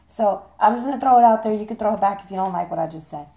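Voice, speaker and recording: A hoarse woman giving a chatty, playful tarot reading, swearing casually as she talks. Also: medium pitch, rapid-fire, dark tone. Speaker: tarot reader.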